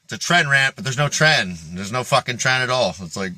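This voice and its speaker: A man tears into a rant, cursing freely and mocking as he goes. His voice is bright and pushed hard, recorded close and dry with no room sound. He laughs between lines, half amused at his own anger. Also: mid-range voice, lively intonation, fairly quick, hardly any pauses, no room sound. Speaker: fitness vlogger. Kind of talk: profane rant.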